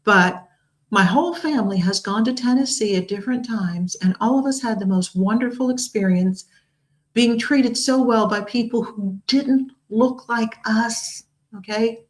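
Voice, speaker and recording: Woman in her 60s, talk show host, earnest and expressive, voice sits a bit high. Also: a little slow, low-quality recording. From United States.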